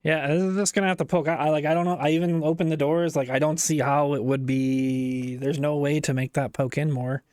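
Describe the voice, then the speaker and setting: A man with a somewhat high voice talks casually on a live stream while building a model set. He mutters to himself, swears, and keeps cutting his sentences short. The sound is dry and close, with no room echo. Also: fairly even intonation, brisk, hardly any pauses, darkish tone. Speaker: livestreamer.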